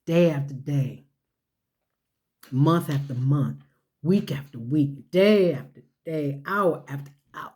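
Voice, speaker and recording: A woman delivering a motivational sermon, her voice mellow and a little low. She drives points home with rhetorical questions and repetition, in folksy everyday phrasing. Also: slow. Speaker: speaker. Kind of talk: motivational sermon-style talk.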